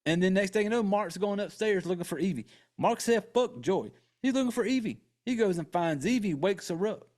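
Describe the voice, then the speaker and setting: A man's voice: high voice, lively intonation, a little fast, darkish tone. A man hosting a podcast, casually and profanely retelling a horror movie's plot with joking asides. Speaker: podcast host.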